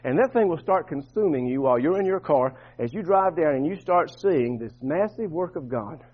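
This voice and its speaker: Man pastor preaching, high husky voice, rising to loud bursts then dropping soft, muffled church recording. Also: expressive, moderate pace. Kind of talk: sermon.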